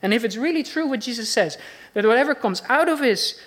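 A woman's voice: on the high side, lively intonation, fairly quick. A woman preaching a sermon in an earnest, reflective manner.

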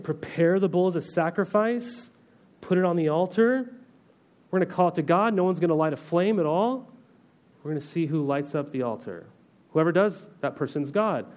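A man's voice: fairly high pitch, a little mellow. A man pastor giving a conversational sermon, reading scripture and then explaining it in everyday terms with frequent rhetorical questions. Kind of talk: sermon teaching.

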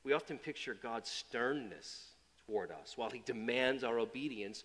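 A man's voice: expressive, normal speed, few pauses. Man preaching a sermon in a reverberant hall. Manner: swings from loud emphatic build-ups to quiet, low asides; repeats and restarts phrases while preaching. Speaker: pastor.

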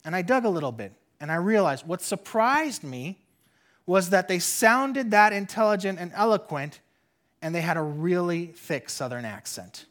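An adult pastor preaching a sermon in an earnest way, repeating phrases for emphasis and often dropping to a soft, quiet voice. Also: mid-range voice, animated, normal speed.

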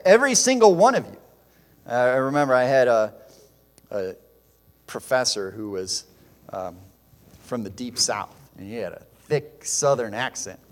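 A man's voice: mid-range voice, animated, normal speed. A man preaching a sermon in an earnest, emphatic way, with fillers and restarts. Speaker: pastor. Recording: long hall reverb.

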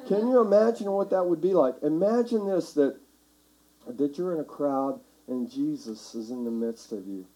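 Male pastor, mellow timbre, slightly high voice, conversational sermon delivery. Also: moderate pace, poor audio. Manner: conversational, builds to shouting for emphasis. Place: church sanctuary.

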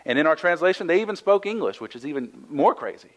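Talking fast and very animatedly in a slightly high voice, a pastor teaches through a Bible passage in a casual sermon style. After reading each scripture aloud he explains it, sprinkling in frequent "right?" asides, though the audio sounds dull.

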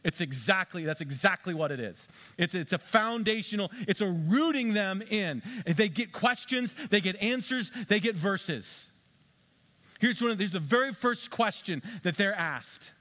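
A man's voice: high-pitched, animated, measured pace, sharp tone. A male pastor delivering a sermon in a conversational way, asking the congregation rhetorical questions and slipping in dry, sarcastic asides.

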